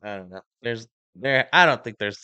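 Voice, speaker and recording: A man's voice: medium pitch, lively intonation, moderate pace, pushed and bright, clear, resonant tone, no echo, highs cut off. A man co-hosting a podcast in casual chat, laid-back, swearing and laughing often. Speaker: podcast co-host.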